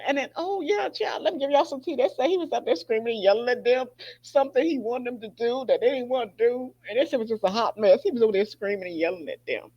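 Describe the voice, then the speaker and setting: A woman's voice: sits high, animated, brisk, darkish tone. A woman hosting a podcast, talking in a casual, profane way and laughing often. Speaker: podcast host. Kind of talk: casual commentary. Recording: dull lo-fi sound.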